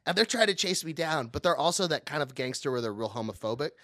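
Guy on a podcast, super lively pitch, bright voice, cracks up laughing a lot, dry close mic. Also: fast, no room sound. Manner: animated, laughing often, acts out voices in stories. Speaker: podcast co-host. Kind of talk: casual storytelling chat.

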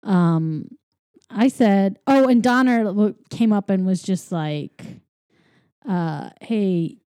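A woman's voice: medium pitch, slow pace, mellow, dry recording, studio quality. A woman casually recapping a movie with a co-host, rambling and sarcastic with many fillers. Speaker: podcast co-host.

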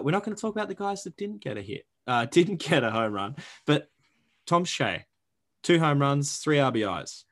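A young man, talking at an ordinary pitch. He co-hosts a sports podcast in a loose, joking way, piling up "like" and "you know" as he rattles through scores and stats. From Australia. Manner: animated, joking, rattles off stats with lots of fillers. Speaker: podcast co-host. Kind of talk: casual sports podcast chat.

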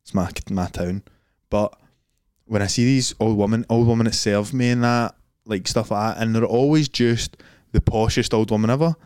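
A young Scottish man chats easily on a podcast, wandering through his thoughts in thick local slang. His voice is smooth and clear, and the recording is close and dry. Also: lowish voice, normal speed, a little mellow, dry recording. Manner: rambling, laid-back, heavy local slang. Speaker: podcast co-host. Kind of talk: casual chat.

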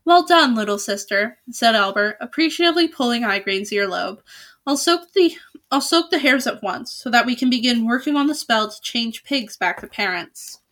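A woman's voice: a little high, lively intonation, normal speed, a bit bright. A woman reading aloud and voicing a grumpy, impatient young male wizard from a storybook, in a growling, gloomy way. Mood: pleased.

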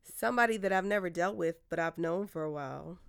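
A woman in a casual chat, telling a story in a soft-spoken, laid-back way. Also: on the low side, quick pace, gravelly, clean tone.

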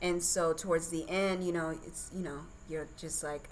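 Candid, chatty woman, fairly low voice. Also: steady tone, normal speed, few pauses, slight background noise, poor audio. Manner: candid, chatty, laughs often. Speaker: podcast guest. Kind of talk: casual birth story telling.

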